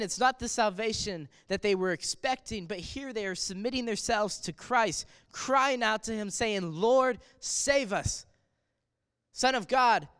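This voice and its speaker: Animated high-voiced male pastor preaching. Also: clear, resonant tone, long reverb tail. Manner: animated preaching, swelling louder on quoted cries. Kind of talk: sermon.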